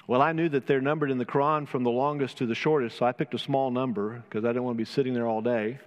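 A man preaching an earnest sermon in a church, his voice building in emphasis and then dropping soft. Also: mid-range voice, steady tone, fast talker, long reverb tail. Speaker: pastor. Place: church sanctuary.

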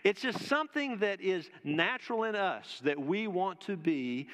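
High-voiced preacher in an echoing sanctuary. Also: male voice, lively intonation, a bit bright. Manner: emphatic preaching with slow, drawn-out pauses and rhetorical questions. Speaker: pastor. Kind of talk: sermon. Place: church sanctuary. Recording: long reverb of a church hall.

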